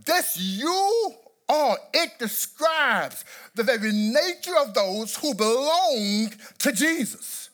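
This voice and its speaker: A man's voice: extremely high pitch, sing-song, slow pace, a bit bright. A male pastor preaching a sermon, passionate and emphatic, often repeating words as he builds to a point. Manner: impassioned preaching with repetitions and sudden emphatic bursts.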